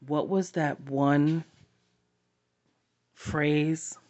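A woman sharing a personal story to camera, halting and heartfelt, with long pauses. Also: low voice, fairly even intonation, darkish tone, highs cut off.

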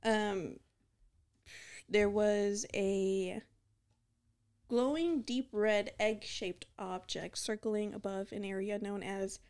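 A woman co-hosting a podcast in casual chat, quick to laugh and tripping over hard names. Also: mid-range voice, fairly even intonation, a little mellow, clean tone. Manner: laughs easily, stumbles over foreign names. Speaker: podcast co-host.

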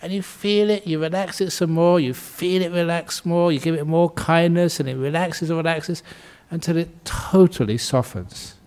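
Chuckling monk giving a gentle talk. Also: male voice, on the high side, normal speed. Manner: gentle and humorous, chuckling often, repeats soothing phrases. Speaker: Buddhist monk. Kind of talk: dharma talk.

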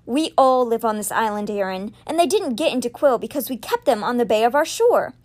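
A woman's voice: fairly high pitch, lively intonation, fairly quick, natural voice. A woman voicing an angry, defiant young male wizard confronting his brother, bitter and heated.

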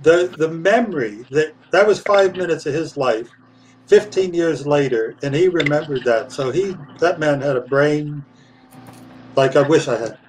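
A man's voice: a little high, moderate pace, far from the mic, low-quality recording. Man telling stories with acted voices. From England. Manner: lively storyteller, acts out voices, laughs often. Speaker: puppeteer guest. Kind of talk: animated anecdote telling.

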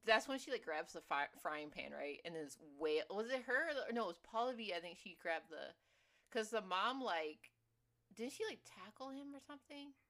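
A woman's voice: medium pitch, expressive, moderate pace, a bit bright. A woman co-hosting a podcast, casually recapping a film and acting out characters' lines with lots of "like". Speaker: podcast co-host.

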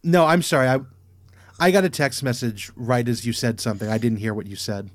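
A man's voice: mid-range voice, a little fast, dry recording. Eager, stammering man on a dry mic. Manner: eager, stumbling restarts when excited. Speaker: podcast co-host. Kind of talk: casual chat recapping a TV episode.

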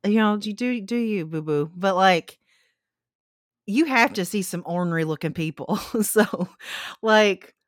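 A woman's voice: medium pitch, lively intonation, a little slow, dry recording, studio quality. A woman co-hosting a casual chat, talking in an incredulous, chatty way. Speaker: podcast co-host.

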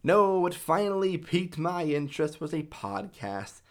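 A man's voice: a little high, very animated, normal speed. A man narrating a scripted video essay in a casual, profane, enthusiastic way.

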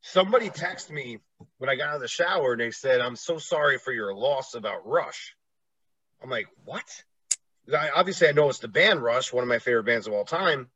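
Bright-voiced laid-back man hosting. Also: mid-range voice, animated, a little fast, no room sound, dull audio. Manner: laid-back, rambling, laughs easily. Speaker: podcast host. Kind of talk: casual chat.

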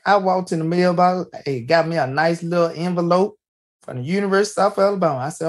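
A man's voice: high voice, fairly even intonation, fast. A man hosting a podcast, telling a personal story in a folksy way, often starting with "hey" and restarting his sentences. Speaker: podcast host. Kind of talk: casual storytelling.

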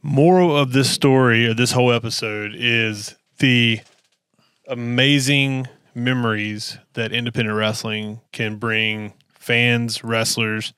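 Man, mid pitch, smooth voice, casual host reading sign-off plugs. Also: steady tone, slow, fairly bright tone, no room sound, studio quality. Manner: brief reactions, plugs the network. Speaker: podcast host. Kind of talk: casual chat and show outro.

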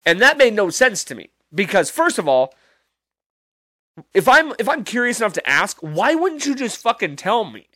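Podcast host, male, slightly high, incredulous storyteller who swears a lot, dry booth. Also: big pitch swings, moderate pace, sharp tone, dry recording. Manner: rambling, profane, incredulous, many restarts. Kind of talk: casual storytelling monologue.

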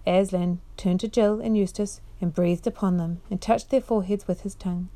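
Woman reading a bedtime story aloud: gentle, measured, mellow tone. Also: medium pitch, fairly even intonation.

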